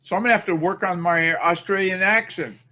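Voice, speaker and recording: A man's voice: high voice, brisk, bright, forceful tone. A man hosting a podcast in a rambling, chatty way, poking fun at himself as he goes. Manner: rambling, chatty, self-mocking. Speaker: podcast host. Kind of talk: casual podcast chat.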